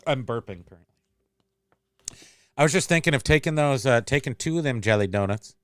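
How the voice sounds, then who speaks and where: A man's voice: mid-range voice, lively intonation, a little fast, fairly bright tone, clean tone, dry recording. Man, casual livestream host, rambling talk, mid-range voice, dry close sound. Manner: rambling, reads viewer comments aloud. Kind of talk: casual chat.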